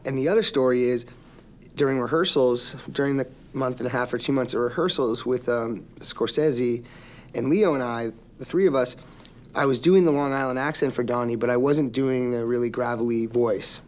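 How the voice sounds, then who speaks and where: Relaxed man telling stories. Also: mid-range voice, normal speed. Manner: relaxed storytelling with frequent ums. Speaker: actor guest. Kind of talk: interview anecdotes.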